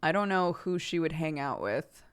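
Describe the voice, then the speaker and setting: A woman's voice: sits low, lively intonation, moderate pace, clean tone. A woman streamer chatting casually with viewers, talkative and laughing often, with many fillers. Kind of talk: casual livestream chat.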